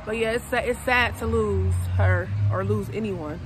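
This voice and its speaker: A woman's voice: medium pitch, moderate pace, background noise. A young woman talking casually and emotionally to her viewers, calling them y'all, while filming outdoors. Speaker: vlogger. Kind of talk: casual heartfelt vlog talk.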